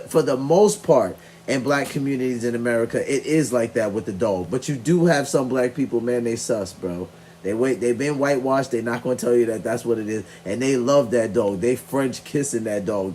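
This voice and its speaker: A young man hosting a stream, giving casual reaction commentary in an animated, slangy way and laughing as he talks. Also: mid-range voice, slight background noise. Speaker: stream host reacting to clips.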